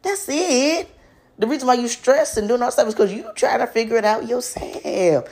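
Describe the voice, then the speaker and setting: A woman's voice: on the high side, lively intonation, moderate pace, darkish tone, slight background noise, voice pushed up. A young woman voicing God as a patient, fatherly figure who firmly reassures and refuses to give up. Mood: reassuring. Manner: firm, reassuring, plain-spoken.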